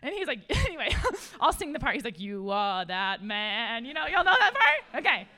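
A woman giving a casual, conversational sermon to a room of listeners. She is chatty and animated, laughs often, and says "like" a lot. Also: high voice, fairly quick. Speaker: speaker at a church gathering.

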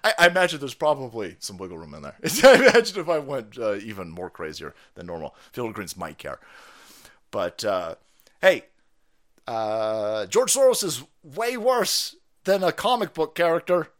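A man's voice: mid-range voice, very animated, normal speed, a bit bright. A man hosting a political stream, ranting in a foul-mouthed way with frequent laughs. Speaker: streamer host. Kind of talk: profane political rant stream.

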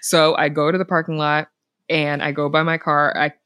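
A woman's voice: deep voice, level tone, moderate pace, fairly bright tone, clean tone, no echo, studio quality. A woman in her thirties, a podcast guest, telling her story in casual chat and acting out the voices of people she quotes.

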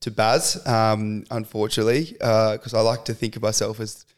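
Young Australian male guest, relaxed and chatty, heavy on slang and fillers. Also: fairly low pitch, moderate pace. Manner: laid-back, lots of fillers and slang. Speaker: podcast guest. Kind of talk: casual chat.

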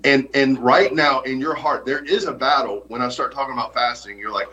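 A man's voice: medium pitch, steady tone, fairly quick, sharp tone, lo-fi sound. A man preaching a sermon as pastor, earnest and emphatic, often repeating his points.

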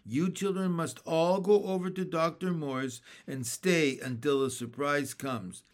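A man reading aloud, voicing a warm, generous older grandfather in a storybook. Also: on the high side, steady tone, unhurried, close to an everyday voice. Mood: teasing. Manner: gentle, fond.

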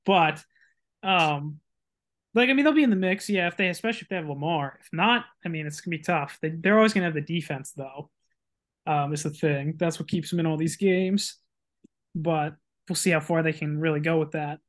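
A man's voice: fairly high pitch, fairly quick, fairly bright tone. A man co-hosting a casual sports podcast, hedging his opinions with many "like"s and "I mean"s. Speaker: podcast co-host.

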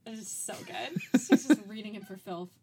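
A woman's voice: mid-range voice, expressive, moderate pace, a crowd in the background. A woman co-hosting a podcast in casual chat, talking loosely with lots of "like" fillers and easy laughs. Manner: chatty, frequent "like" fillers, laughs easily. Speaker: podcast co-host.

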